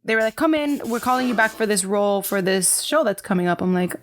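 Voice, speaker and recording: A woman's voice: mid-range voice, lively intonation, fast talker. A woman co-hosting a podcast in casual chat, laughing along and quoting herself as she tells stories. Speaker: podcast co-host.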